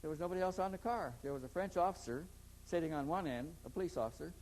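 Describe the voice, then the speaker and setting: Speaking fast in a fairly high, darkish voice, a man in an interview tells a long, meandering anecdote about his experiences and often repeats words when beginning sentences. The recording quality is low.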